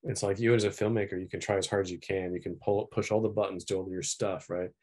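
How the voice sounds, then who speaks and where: A middle-aged man, an animation filmmaker, talking in a relaxed, reflective way with lots of fillers. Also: sits low, fast, slightly rough. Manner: relaxed, reflective, many "you know" fillers. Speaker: animation filmmaker, guest of honor. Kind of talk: casual podcast chat.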